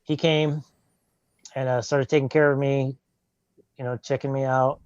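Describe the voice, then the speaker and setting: A man's voice: mid-range voice, flat delivery, unhurried, darkish tone, no echo, dull audio. An older man tells his own life story in plain, earnest words, often acting out what he said back then. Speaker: guest telling his testimony. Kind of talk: personal testimony, casual storytelling.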